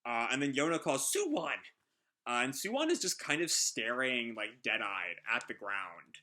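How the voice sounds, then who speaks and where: A man's voice: mid-range voice, sing-song, normal speed, pushed and bright. A man hosting a live manga reading reaction, talking casually and hesitantly as he thinks aloud.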